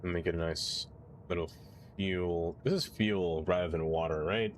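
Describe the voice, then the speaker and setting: A man's voice: low voice, fairly even intonation, moderate pace, a little hiss or hum. Chatty male streamer talking while he plays. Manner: chatty, playful, reacts out loud. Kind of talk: casual live-stream chat while playing.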